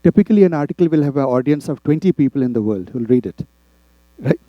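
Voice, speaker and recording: A man from India teaching a class, often checking in with the students with quick tag questions. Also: medium pitch, expressive, dry recording, highs cut off. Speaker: instructor. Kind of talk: classroom lecture.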